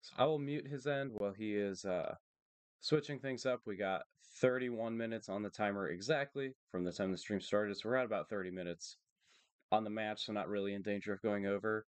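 Low, dry-voiced monotone male streamer. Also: a little fast, clear, resonant tone, no echo. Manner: steady and matter-of-fact, thinking aloud about plays. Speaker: streamer and tournament player. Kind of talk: live card game commentary.

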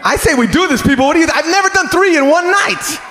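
A male stand-up comedian doing crude crowd work in a club, loud and teasing and often breaking into laughter. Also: very high voice, lively intonation, fast. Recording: noisy live club.

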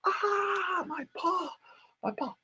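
A man voicing a whimpering male wolf from a children's story, crying out in pain in a high wailing voice. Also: slow pace, bright, forceful tone, full character voice.

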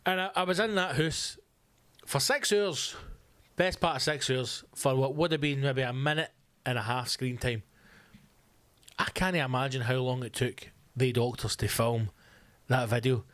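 A man's voice: medium pitch, measured pace, fairly bright tone, no echo. A man hosting a podcast, ranting comically with sarcastic swearing asides. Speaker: podcast host. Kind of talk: comic rant. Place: home room.

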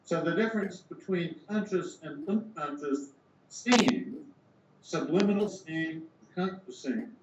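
An older man, a philosopher being interviewed, explaining ideas in a measured way and thinking aloud with small restarts. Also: fairly high pitch, recorded from a distance. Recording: echoey room, dull sound, background hiss.

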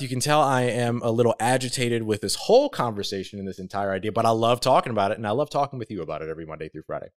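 A man hosting a solo sports talk podcast, speaking with energy and emphasis, with big swings in pitch and loudness and casual self-corrections. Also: lively intonation, fast talker. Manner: conversational, with fillers and self-corrections.

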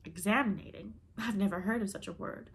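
A woman reading the part of a calm, heartfelt young college woman who speaks sincerely. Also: medium pitch, fairly quick, creaky, close to an everyday voice.

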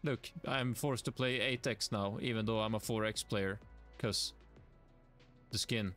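A man's voice: lowish voice, steady tone, unhurried, fairly bright tone, soft background music. A young man from Sweden with a Swedish accent, streaming a game live and talking to himself and his chat in an exasperated, self-mocking way. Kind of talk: live gaming stream commentary.

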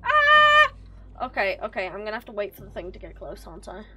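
A woman streaming a game live, excitable and swearing, talking to the game characters and to her chat. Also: mid-range voice, rapid-fire, dull audio, slight background noise. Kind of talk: live gameplay commentary.

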